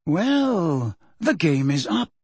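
A man reading an audiobook, voicing a calm, pleasant old male headmaster wizard with gentle irony. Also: fairly high pitch, slow, husky, no echo, full character voice.

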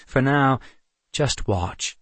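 A man reading an audiobook, voicing a dark unicorn in human form who speaks in a firm, clipped, commanding way. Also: mid-range voice, expressive, drawn-out words, slightly rough, no echo, exaggerated voice. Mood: curt. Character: dark unicorn in man's form, cold and controlling. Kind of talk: audiobook character voice.

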